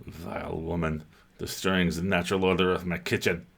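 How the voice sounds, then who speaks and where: A man's voice: deep voice, little pitch movement, normal speed, vocal fry, a bit bright, husky, exaggerated voice. A man voicing a haughty, contemptuous female house cat with a mock-French manner. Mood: disgusted.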